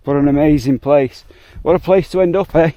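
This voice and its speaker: The recording cuts off the highs and carries a little hiss or hum. This hiking vlogger, a man in his 40s, has a high-ish, mellow voice and speaks a little fast, reflecting from the heart on an emotional walk in the mountains by a lake.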